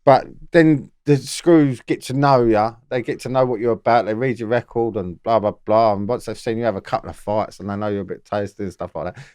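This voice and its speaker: Podcast guest, London man, mid-pitched, plain explainer who checks in with tag questions, dry close sound. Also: a little fast, few pauses, a little mellow, smooth, dry recording. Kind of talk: casual interview talk.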